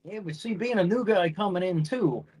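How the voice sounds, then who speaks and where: A man joining a casual podcast chat as a newer guest, speaking candidly with some halting restarts. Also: sits high, darkish tone, slightly rough.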